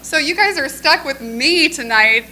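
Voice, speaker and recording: A woman's voice: high-pitched, animated, a little slow, noisy background. A woman filling in for the principal at a school board meeting, joking a little and reading teachers' notes about a student. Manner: chatty and joking, drops quieter while reading. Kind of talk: reading award tributes at a meeting.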